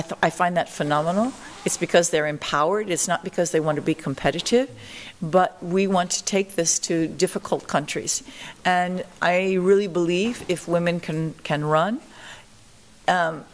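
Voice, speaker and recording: Older woman interviewee, animated storyteller, slightly low voice. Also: normal speed, slight background noise. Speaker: interviewee, marathon pioneer.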